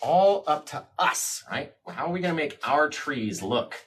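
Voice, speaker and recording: A man teaching a live painting lesson, excited and chatty with viewers, a bit teary and sniffly. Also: fairly high pitch, measured pace, slight background noise. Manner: excited, talks to chat while painting. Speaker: painting instructor.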